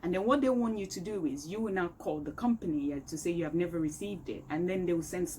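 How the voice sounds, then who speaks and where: A woman's voice: fairly low pitch, fast talker, a little mellow, rough recording. A woman vlogging an emphatic, exasperated complaint from her home. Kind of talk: complaint rant to camera. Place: home room, indoors. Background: faint outdoor street noise.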